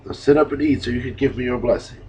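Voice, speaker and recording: A man's voice: medium pitch, fast talker, darkish tone, husky. A man reading a deceitful young son. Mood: eager. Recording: dull lo-fi recording.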